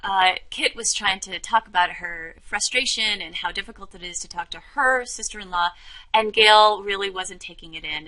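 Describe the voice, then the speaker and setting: A woman instructor calmly explaining a listening lesson in a measured, encouraging way. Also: on the low side, low-quality recording. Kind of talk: explaining a role-play lesson to camera.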